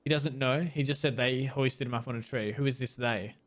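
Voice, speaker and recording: A man's voice: medium pitch, fairly even intonation, brisk. A man hosting a let's play, reading game dialogue aloud and breaking in with wry asides, sometimes tripping over hard words. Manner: reads text plainly, mixed with wry asides.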